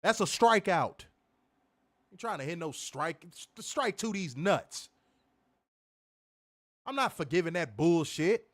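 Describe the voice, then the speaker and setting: On a wrestling review stream, a co-host with a fairly bright voice on the high side vents in an angry, profane rant. His intonation is lively and insistent, yet his pace is slow, broken by long pauses.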